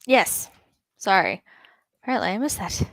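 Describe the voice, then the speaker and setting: A woman's voice: mid-range voice, big pitch swings, moderate pace, a bit bright, dry recording. Woman, casual co-writer, filler-heavy advice. Dry, close sound. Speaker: co-writer on stream. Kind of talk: casual chat.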